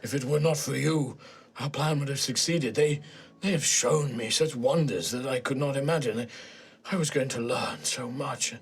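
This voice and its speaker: A man voicing a bitter, defeated old male scholar villain, speaking quietly and brooding. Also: medium pitch, normal speed, close to an everyday voice.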